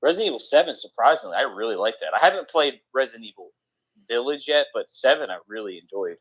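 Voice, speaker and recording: A man's voice: mid-range voice, lively intonation, quick pace, a bit bright, slightly rough, dry recording, low-quality recording. A young man chatting casually about video games, rambling with lots of restarts.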